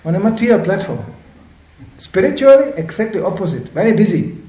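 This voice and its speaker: Animated older man lecturing in an echoey room. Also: sits high, fast. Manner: animated storytelling, acting out voices in quotes. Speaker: spiritual teacher.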